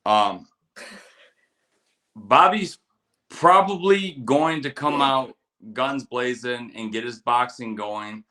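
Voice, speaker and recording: A middle-aged man co-hosts a casual veteran podcast, his voice bright and forceful. He tells war stories and breaks down fights with plenty of cursing, acting out the quotes with energy. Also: medium pitch, slow pace, pauses often. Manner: storytelling, profane, animated quotes. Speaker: podcast co-host, military veteran. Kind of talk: casual chat with fight picks.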